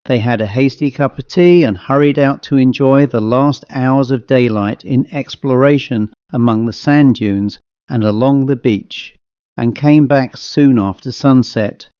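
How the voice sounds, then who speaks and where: Man calmly narrating a ghost story. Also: mid-range voice, clean tone, dry recording. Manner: measured storytelling. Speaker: audiobook narrator. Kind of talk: scripted narration. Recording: dull lo-fi dry recording.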